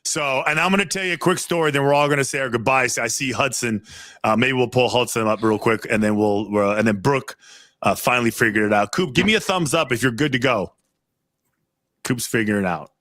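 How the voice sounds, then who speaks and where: Bright, rambling male podcast host. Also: mid-range voice, brisk, dry recording, studio quality. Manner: rambling, animated. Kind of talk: casual storytelling chat.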